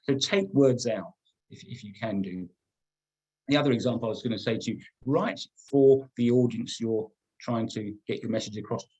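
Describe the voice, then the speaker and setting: Middle-aged man, slightly husky webinar trainer, emphatic, repeats himself. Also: mid-range voice, normal speed, darkish tone, muffled recording. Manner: emphatic, repeats words and restarts often. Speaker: business trainer. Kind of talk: webinar teaching.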